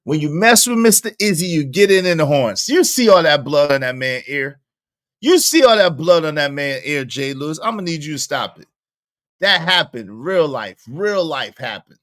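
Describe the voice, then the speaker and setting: A man's voice: on the high side, normal speed. A young man hosting a casual livestream, reading the chat aloud and teasing viewers with lots of repetition. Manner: animated, teasing, repeats lines to the chat.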